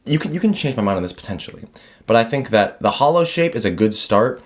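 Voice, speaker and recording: A young man co-hosting a podcast in casual chat, giving deliberate opinions and often restarting his sentences. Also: mid-range voice, very animated. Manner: deliberate, opinionated, self-correcting. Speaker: podcast co-host.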